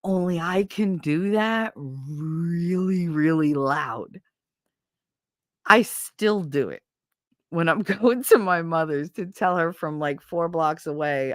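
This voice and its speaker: A middle-aged woman with a New York accent, hosting a casual chat and telling stories with lots of swearing and lively impressions of neighbors. Her voice sits low, and the sound is dry and close, with no room echo. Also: takes it slowly. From Brooklyn, New York. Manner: animated, profane, acts out neighborhood voices. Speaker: show host.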